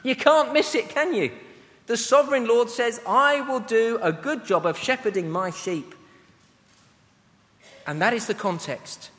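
High-voiced male preacher in a reverberant hall. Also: unhurried, long pauses, fairly bright tone. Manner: reads scripture aloud between plain conversational asides. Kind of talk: sermon. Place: church.

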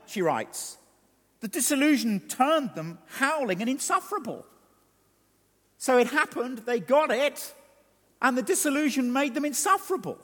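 Male preacher, high and very expressive voice, long hall echo; theatrical delivery. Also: normal speed. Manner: animated, dramatic preaching with wide swings of pitch and loudness. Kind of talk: sermon.

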